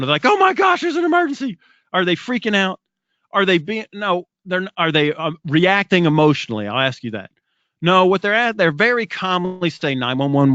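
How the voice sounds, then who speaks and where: A middle-aged man giving an animated motivational talk to a group, asking them many rhetorical questions. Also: sits high, dry recording, dull audio. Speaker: speaker.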